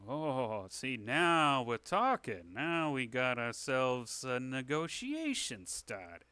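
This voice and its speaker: A man's voice: mid-range voice, sing-song, slow pace, pushed and bright, clear, resonant tone, no room sound, full character voice. A man voicing a sly, pushy middle-aged tavern fixer who talks like a slick salesman. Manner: slick, wheedling salesman talk.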